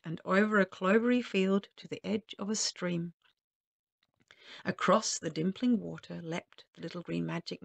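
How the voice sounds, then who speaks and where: Storyteller reading to children, expressive, slight fry, dry booth. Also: female voice, mid-range voice, no room sound. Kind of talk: storybook read-aloud.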